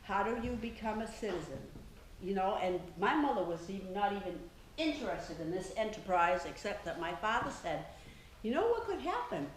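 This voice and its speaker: This is a storytelling talk in which an older female author chats to an audience about her family, often breaking into laughter. Her voice is mid-range and a little fast, and the room sounds echoey with faint noise.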